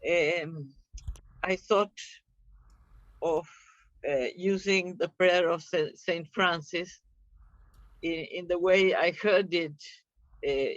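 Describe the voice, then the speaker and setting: Earnest woman, slow and even. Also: deep voice, no room sound. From Uruguay. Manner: measured, earnest, with frequent pauses. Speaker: guest speaker. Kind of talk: prayerful address. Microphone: video call. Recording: dull lo-fi video call audio.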